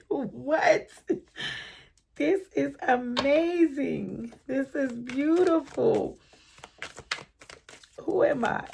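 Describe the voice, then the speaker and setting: Excitable gravelly woman reading tarot. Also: high-pitched, extremely slow, long pauses. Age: middle-aged. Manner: excitable, laughing, slang-heavy, bursts into singing. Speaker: tarot reader.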